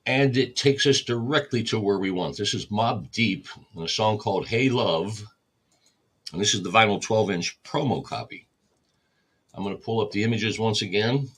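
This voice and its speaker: A man's voice: fairly low pitch, normal speed, fairly bright tone, slightly rough. A man hosting a record store livestream, casually explaining each step while he catalogs vinyl. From United States.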